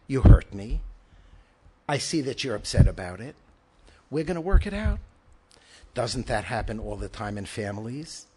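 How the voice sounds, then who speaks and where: A man's voice: lowish voice, breathy edge. A man, a rabbi, giving an emphatic Torah lecture, asking rhetorical questions and weaving in Hebrew and Yiddish terms.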